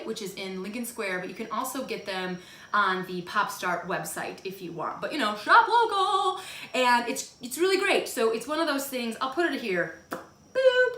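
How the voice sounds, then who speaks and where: Midwestern woman in her thirties, chatty home vlogger, a bit high, roomy sound. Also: bright, forceful tone. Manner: chatty, self-deprecating, bursts into silly high voices. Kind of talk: casual monthly favorites vlog. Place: home room. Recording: echoey room.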